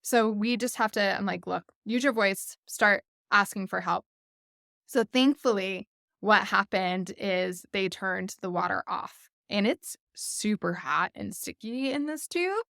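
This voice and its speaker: A woman in her thirties hosting a podcast, telling a family story in a casual, animated way with frequent laughs and "like" fillers. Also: mid-range voice, measured pace, creaky, no room sound, studio quality. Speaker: podcast host.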